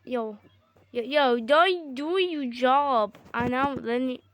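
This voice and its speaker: A woman in casual gaming chat with her sibling, excitable and bickering with quick exclamations. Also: high voice. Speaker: gamer.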